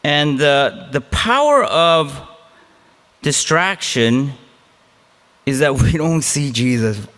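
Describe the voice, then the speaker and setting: A man's voice: on the high side, lively intonation, takes it slowly, pauses often, a bit bright. A man preaching a conversational sermon as a pastor, casual and self-deprecating, with chatty asides. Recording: long hall reverb.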